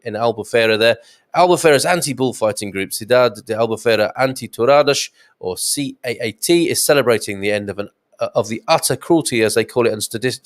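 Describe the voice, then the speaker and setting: A man from England hosting a live stream, reading out viewer comments in a rambling, chatty way and chuckling often. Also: medium pitch. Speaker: host.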